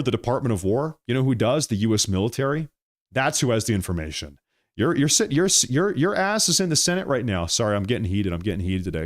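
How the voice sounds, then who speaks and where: Heated man ranting. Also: lowish voice. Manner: ranting, repetitive rhetorical questions. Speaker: political commentary host. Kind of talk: heated political commentary.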